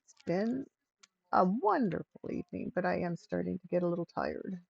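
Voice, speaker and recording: A woman's voice: fairly low pitch, lively intonation, normal speed, vocal fry, a little mellow, breathy edge, dry recording. An older woman hosting a casual crafting livestream at home. She chats with her viewers and her pets as she works. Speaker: livestream host. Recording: dull lo-fi stream audio.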